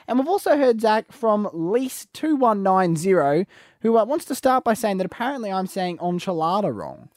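A man's voice: sits high, sing-song, normal speed, a little mellow, no room sound, clean studio sound. An Australian man co-hosting a podcast in casual comedic chat, giggling often and talking about himself in a self-deprecating, rambling way. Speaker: podcast co-host.

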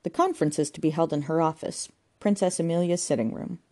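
A cheeky, teasing housekeeper, as a woman reader plays her, breezy and unbothered, in a warm, mellow voice. A storybook character who treats every crisis lightly. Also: low-pitched, quick pace, natural voice. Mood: airy.

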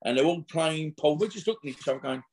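A man's voice: fairly high pitch, expressive, quick pace, darkish tone. A middle-aged man, an interview guest telling long, slangy anecdotes full of restarts and acted-out quotes. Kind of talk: casual anecdotal storytelling.

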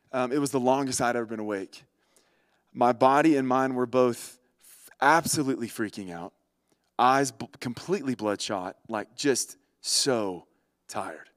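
A man telling a story in a casual, animated way, talking straight to his listeners. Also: mid-range voice, no echo, clean studio sound. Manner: animated, chatty, addresses listeners directly. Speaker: vlogger.

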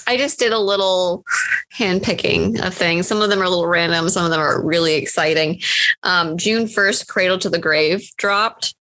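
Bright-voiced woman chatting casually. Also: on the low side, moderate pace. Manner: chatty, giggly, excited about pop culture. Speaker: podcast co-host. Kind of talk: casual chat.

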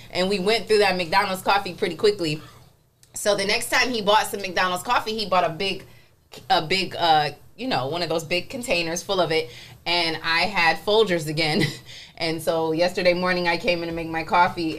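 Laughing woman co-host, low voice. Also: fairly bright tone. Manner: laughs often while telling stories. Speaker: morning show co-host. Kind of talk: casual chat. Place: studio.

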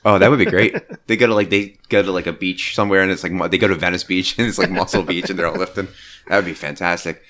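Male podcast co-host, low voice, eager fan theorizing, casual. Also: fast. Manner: animated, theorizing fan talk with many fillers. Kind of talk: casual movie review chat.

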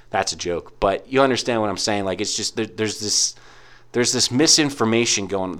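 A man's voice: on the low side, a bit bright. A young man in a casual ranting monologue, rambling with lots of "like" and frequent swearing. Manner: rambling, heavy use of "like", profane.

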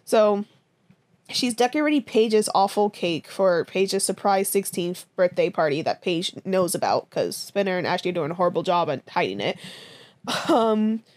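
A young woman with a fairly low voice recaps a TV episode on her podcast at normal speed. It's casual, animated storytelling, heavy on swearing, fillers, and "this, that, and the fourth."

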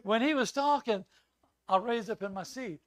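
An older man with a notably high voice preaches as a guest speaker. He tells personal stories and acts out the quoted lines loudly. The sound is close and dry, with no room echo. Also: normal speed. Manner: animated storyteller who acts out loud quoted lines. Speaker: visiting preacher. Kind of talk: sermon with personal storytelling.

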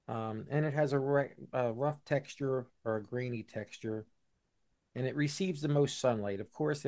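Male podcast co-host, casual explainer, halting with fillers. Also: mid-range voice, mellow. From Buffalo, New York. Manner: explanatory, many fillers and restarts. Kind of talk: casual chat.

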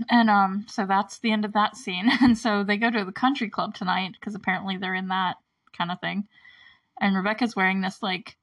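A woman's voice: medium pitch, moderate pace, a bit bright, rough recording. A woman hosting a casual movie recap, chatty and giggly, filling her talk with "like". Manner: chatty, giggly, heavy use of "like".

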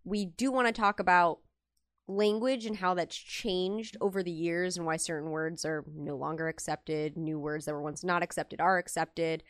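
A woman's voice: on the low side, steady tone, normal speed, no echo, studio quality. A young woman hosting a casual group discussion over an online call, talking earnestly and rambling with restarts. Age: young adult.

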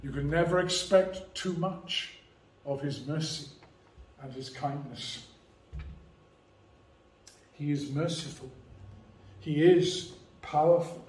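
A man preaching a sermon in a church, measured and emphatic, leaning hard on key phrases. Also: fairly high pitch, a little mellow. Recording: echoey church hall, mic at a distance.

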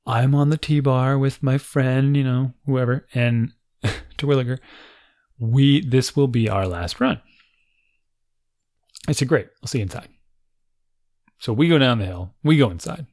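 A man's voice: mid-range voice, unhurried, long pauses, a little mellow, no echo, clean studio sound. A man in his forties casually telling a funny family story, acting out quotes and laughing often.

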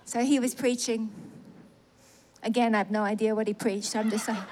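A middle-aged woman telling a personal testimony in a sermon, animated and self-mocking, laughing through emotional moments. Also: fairly high pitch, normal speed, a little hiss or hum. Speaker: preacher sharing a testimony.

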